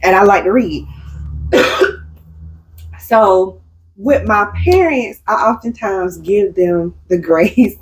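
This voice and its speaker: Woman co-host, lively swooping pitch, animated storyteller who acts out quotes. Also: takes it slowly, pauses often, poor audio. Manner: animated storytelling, acting out quotes, laughs often. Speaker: podcast co-host. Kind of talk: casual chat.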